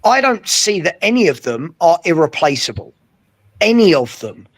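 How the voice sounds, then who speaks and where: A man, co-hosting a casual football chat, emphatic and often checking agreement with a quick question. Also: fairly high pitch, big pitch swings. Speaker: co-host.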